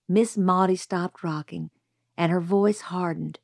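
A woman reading a novel as an audiobook narrator in a steady first-person storytelling way. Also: fairly low pitch, measured pace, creaky, dry recording, studio quality.

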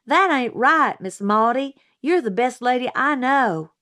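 A woman's voice: high-pitched, lively intonation, a little slow, sharp tone, dry recording, studio quality, pitched above the performer's own voice, exaggerated voice. A woman voicing an outspoken young tomboy girl who asks eager, indignant questions.

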